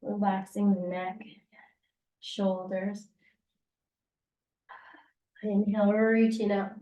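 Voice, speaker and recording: Roomy yoga teacher guiding a class. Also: female voice, a little high, unhurried, lo-fi sound. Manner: encouraging, counting down breaths. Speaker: yoga instructor. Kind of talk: guided yoga class instruction. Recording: roomy sound, distant from the mic.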